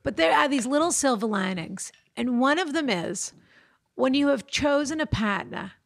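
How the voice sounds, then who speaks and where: Woman podcast host, casual chat, animated, slightly high voice. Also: normal speed, gravelly. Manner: animated, chatty, laughs often.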